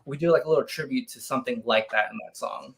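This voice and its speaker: A man's voice: mid-range voice, fast talker, a little hiss or hum. A man, a band member being interviewed, talking in a laid-back way with casual swearing. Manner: laid-back, swears for emphasis, with many fillers.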